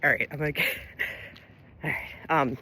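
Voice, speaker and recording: A woman's voice: deep voice, fairly even intonation, measured pace, sharp tone. A woman with a Southern US accent talking straight to camera in a casual rant, laughing often, blunt and profane, with sudden bursts of emphasis. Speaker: LGBTQ resource center director and Army veteran.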